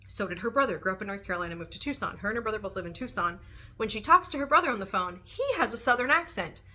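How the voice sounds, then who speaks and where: A young woman with a bright, crisp voice chats to camera about books she has read. She is animated and quick to laugh, and she fills her pauses with "um" and "like". Her pitch sits in an everyday middle range. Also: slight background noise. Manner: chatty, animated, laughs often, many "um" and "like". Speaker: book reviewer. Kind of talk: casual book review vlog.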